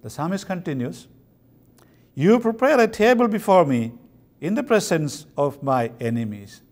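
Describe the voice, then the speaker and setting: A man from India giving a slow, emphatic sermon with pauses at a convention. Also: fairly high pitch, sing-song, a little mellow. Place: convention hall.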